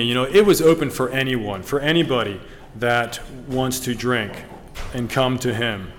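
A man preaching a sermon, earnest and halting, with frequent ums and restarts, reading scripture aloud. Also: mid-range voice. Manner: reads scripture in King James wording. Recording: long reverb of a hall.

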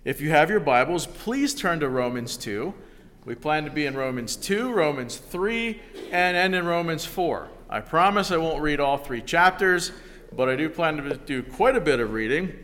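A man preaching a sermon, telling a story slowly and deliberately before reading scripture. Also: on the high side, expressive, a bit bright, in a large hall, slight background noise. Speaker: pastor.

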